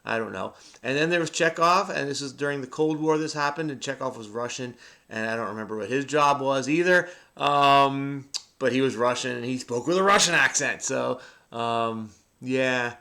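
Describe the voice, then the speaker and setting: Middle-aged man, crossword vlogger, gravelly and bright, rambling and self-mocking. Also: mid-range voice, normal speed. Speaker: crossword video host. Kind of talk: solving a crossword while thinking aloud.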